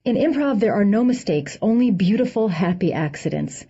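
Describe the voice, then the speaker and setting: A woman's voice: medium pitch, animated, normal speed, warm tone, breathy edge. A woman reading a humorous essay aloud with a dry comic delivery, acting out the quoted lines. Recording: dull lo-fi recording.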